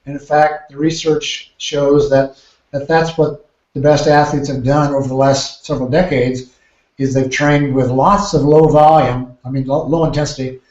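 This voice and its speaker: A man, a triathlon coach, explaining training ideas in a podcast interview with measured, careful phrasing and frequent restarts. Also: fairly high pitch, steady tone, darkish tone. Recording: roomy, dull lo-fi sound.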